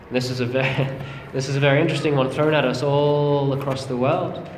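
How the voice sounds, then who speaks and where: A man's voice: fairly high pitch, steady tone, moderate pace, background noise. A man preaching a sermon, earnest and emphatic, calling his listeners friends. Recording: echoey hall with long reverb, faint ambience.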